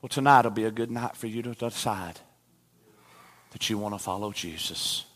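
A man's voice: lowish voice, moderate pace, fairly bright tone. A man preacher telling a story in a sermon, acting out quoted exchanges and putting an "uh" between phrases as he builds up.

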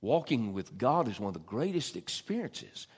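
Preacher guy in a church, folksy, gets loud then goes quiet, mid-pitched voice. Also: sing-song, moderate pace, husky. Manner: folksy Southern preaching, swells loud then drops soft. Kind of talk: sermon. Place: church sanctuary.

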